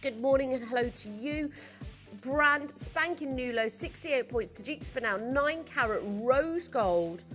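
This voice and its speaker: A woman's voice: high-pitched, expressive, a little slow, a bit bright, soft background music. Gushing woman shopping host. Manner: gushing, chatty sales patter with frequent asides. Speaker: shopping channel presenter. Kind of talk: live TV sales presentation. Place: TV studio.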